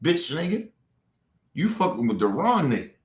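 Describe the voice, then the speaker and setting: A man's voice: on the high side, big pitch swings, moderate pace, echoey room. A man ranting at a viewer on a livestream, aggressive and profane. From Baltimore. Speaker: streamer. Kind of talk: livestream rant.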